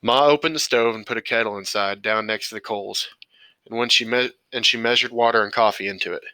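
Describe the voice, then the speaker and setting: A man reading an audiobook in a steady, measured way. His tone is bright and forward, and the recording is dry and close, with no room sound. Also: mid-range voice, dry recording, poor audio. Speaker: audiobook reader. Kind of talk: audiobook narration.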